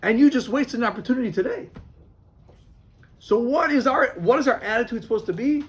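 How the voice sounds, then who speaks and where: A man's voice: very high voice, animated, fairly quick. A man, a rabbi, teaching a class of boys and telling them a story, often repeating himself.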